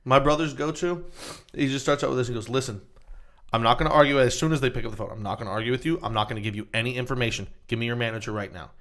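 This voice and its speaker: A man co-hosting a podcast, chatting casually and profanely, acting out phone calls with loud bursts. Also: mid-range voice, very fast. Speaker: podcast co-host. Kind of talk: casual chat.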